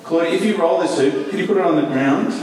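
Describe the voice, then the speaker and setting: A man giving a children's talk in church, asking questions and telling the story with lively energy. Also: a little high, fast talker, slight background noise. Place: large church hall. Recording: echoey hall, mic at a distance.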